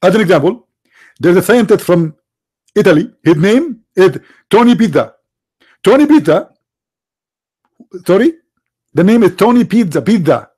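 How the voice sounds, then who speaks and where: A man's voice: high-pitched, lively intonation, normal speed, a little mellow, husky. A man voicing a silly, boastful caller persona in a mock-earnest, exaggerated delivery. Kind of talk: satirical put-on voice.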